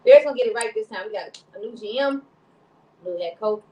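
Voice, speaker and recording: A woman's voice: medium pitch, brisk, warm tone, roomy sound, low-quality recording. A woman from Chicago co-hosting a casual talk show, rambling and laughing often. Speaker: co-host. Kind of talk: casual chat.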